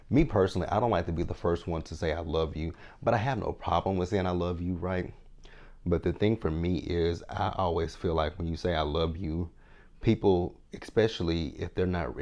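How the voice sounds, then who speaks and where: A man's voice: low-pitched, darkish tone. A man in his thirties giving a frank, chatty TV recap, often checking in with his viewers. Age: 30s. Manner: chatty, frank, keeps asking "right?". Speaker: TV show reviewer. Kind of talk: casual recap commentary.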